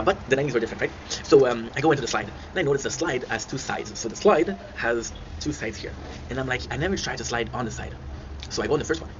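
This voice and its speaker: A man telling rambling childhood stories to his viewers, often breaking into laughter. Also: mid-range voice. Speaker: channel host. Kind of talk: casual storytelling. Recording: dull lo-fi sound with clear noise.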